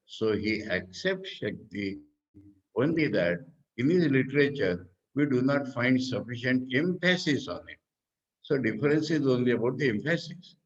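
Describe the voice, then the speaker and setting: A monk and teacher with an Indian English accent gives a spiritual discourse on scripture in a medium-pitched voice. He explains slowly, posing questions and answering them himself. The recording is muffled.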